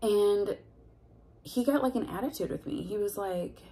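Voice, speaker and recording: A woman's voice: medium pitch, a little slow, warm tone. A woman telling a personal story in a confessional vlog, candid and heated, full of fillers and blunt swearing. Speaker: vlogger.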